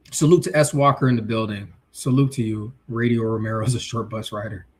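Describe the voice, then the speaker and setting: A male livestream host chatting casually, reading viewer comments and giving blunt, slangy takes. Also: medium pitch. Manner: blunt, animated, street slang.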